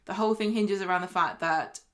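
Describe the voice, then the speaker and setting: A woman's voice: on the low side, brisk, a bit bright. A woman co-hosting a podcast, chatting casually and laughing as she recaps a soap. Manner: chatty, laughing, slips into put-on voices. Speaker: podcast co-host.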